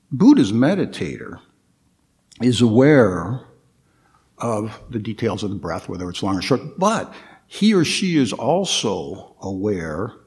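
Slow, lively-pitched man giving a dharma talk. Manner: halting, with frequent fillers and restarts; reflective, questions the audience. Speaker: guest meditation teacher. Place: Buddhist temple hall.

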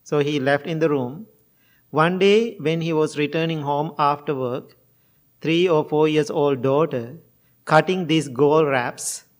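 Brief: male teacher, slow, unhurried delivery, slightly high voice, plain non-fluent English, storytelling sermon.

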